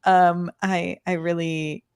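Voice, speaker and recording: Low gravelly woman podcasting. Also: level tone, takes it slowly, a little mellow, no room sound, clean studio sound. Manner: laughs often, fills with "um". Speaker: podcast co-host. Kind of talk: casual podcast review chat.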